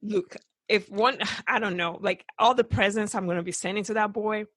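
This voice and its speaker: A woman hosting a podcast in casual chat, excitable and effusive, laughing often. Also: mid-range voice, moderate pace. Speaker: podcast host.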